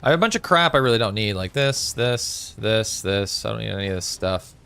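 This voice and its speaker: A man's voice: lowish voice, lively intonation, a little fast, vocal fry, fairly bright tone, clear, resonant tone. A man chatting casually with viewers on a live gaming stream, reading out chat messages with lots of fillers. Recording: faint music behind.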